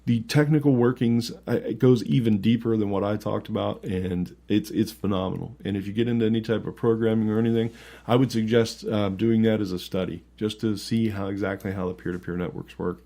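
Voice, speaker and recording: A man with a low, gravelly voice talks loosely on a casual podcast. He rambles, jokes crudely and breaks into laughter easily. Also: fairly even intonation, fairly quick, warm tone. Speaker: co-host.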